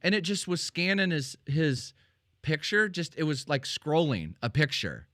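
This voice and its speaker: A man's voice: fairly high pitch, sing-song, a little slow, a bit bright, no room sound, clean studio sound. A man hosting a podcast, telling casual rambling anecdotes full of fillers and restarts. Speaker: podcast host. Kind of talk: casual chat, storytelling.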